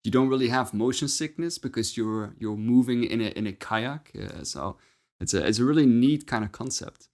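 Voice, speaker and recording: A man co-hosting a podcast who asks the guest questions and reacts with quick, friendly comments. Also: medium pitch, expressive, darkish tone. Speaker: podcast co-host. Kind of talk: casual interview chat.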